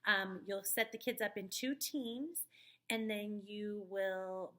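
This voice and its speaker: A woman's voice: medium pitch, steady tone, takes it slowly, a bit bright. Woman casually briefing teachers on a lesson. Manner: friendly, talks teachers through steps with many fillers. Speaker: children's ministry leader. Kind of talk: casual instructional video briefing. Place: at home, dog nearby. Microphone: webcam or computer mic.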